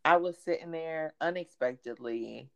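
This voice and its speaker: A woman chatting casually about a TV show, animated and chatty, laughing often. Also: deep voice, moderate pace, creaky, highs cut off. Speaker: podcast co-host.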